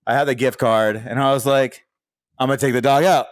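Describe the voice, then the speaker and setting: A man's voice: mid-range voice, a little fast, no room sound, clean studio sound. A man co-hosting a crude casual podcast, telling stories and acting out the lines of angry callers. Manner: animated storytelling, acts out callers' lines; frequent laughter. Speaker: podcast co-host.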